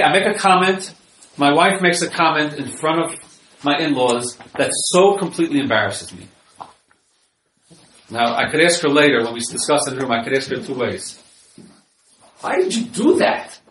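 A man's voice: on the high side, a bit bright, a little hiss or hum. A man who works as a marriage counselor gives an informal lecture with slides and repeats his key points. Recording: echoey room, voice from far off.

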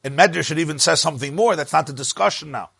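A man's voice: a little high, quick pace, creaky, fairly bright tone, slightly rough, dry recording. A man with teaching a Torah lesson, rising and dropping sharply for emphasis. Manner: emphatic, rises and drops sharply for stress.

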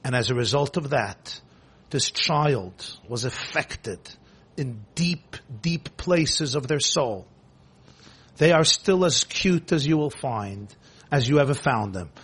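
A man giving an impassioned sermon, repeating phrases and swinging between hushed and loud delivery. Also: mid-range voice, expressive, slow pace, breathy edge.

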